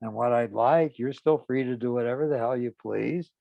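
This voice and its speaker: A man voicing a calm, firm woman partner who sets limits in a measured, plain-spoken way. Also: medium pitch, gravelly, dry recording, phone-quality sound, natural voice. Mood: resolute.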